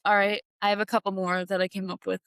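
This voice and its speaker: A woman co-hosting a podcast in casual chat, animated and laughing as she sets up role-play prompts. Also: mid-range voice, fast, clear, resonant tone, no room sound, studio quality. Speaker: podcast co-host.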